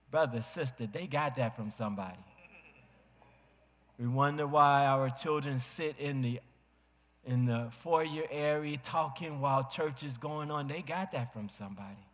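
A man preaching a sermon as a pastor, telling a family story dramatically and acting out voices with big swings in pitch. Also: a bit bright. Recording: long hall reverb.

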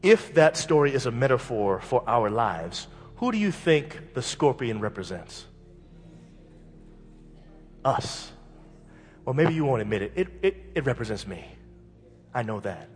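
A male pastor delivers a sermon, animated and fervent, sometimes pushing to loud peaks. His voice is husky and swings widely in pitch. The sound carries the long reverb of a church hall. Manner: animated, building to shouted climaxes.

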